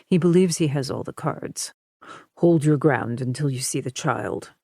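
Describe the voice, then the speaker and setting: A woman narrator voicing a male agent who gives advice calmly in a hushed, quiet voice. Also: very deep voice, normal speed, creaky, dry recording, clean studio sound, pitched below the performer's own voice, heavily acted.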